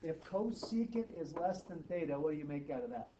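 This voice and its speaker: A man teaching math to students, brisk and teasing, often checking in with quick questions. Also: fairly high pitch, big pitch swings. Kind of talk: classroom tutoring. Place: classroom. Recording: distant, muffled, noisy classroom recording.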